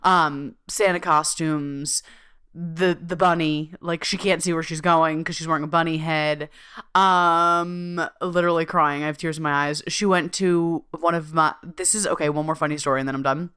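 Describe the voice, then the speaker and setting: Brief: woman podcast host with a lowish, smooth voice, chatty and profane, in a dry room. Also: steady tone, moderate pace, a bit bright, no echo. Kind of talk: casual monologue.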